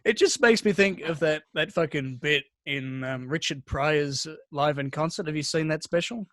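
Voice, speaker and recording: A man with a slightly high, somewhat bright voice talks at normal speed on a podcast he co-hosts. Recorded dry, he chats casually, telling meandering stories packed with swearing and restarts.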